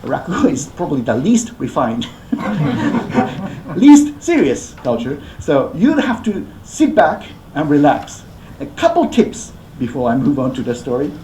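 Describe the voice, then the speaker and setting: A rakugo performer who leads a live audience through gestures in a playful, coaxing way, giving step-by-step instructions. The delivery is very lively in pitch and is heard in an echoey hall. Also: unhurried, a little hiss or hum.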